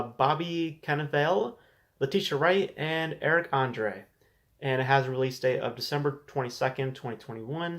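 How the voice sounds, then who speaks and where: Man, movie news host, casual chat, restarts words, candid opinions, mid-pitched voice. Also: a bit bright. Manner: conversational, repeats and restarts words, frank opinions. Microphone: desk camera setup.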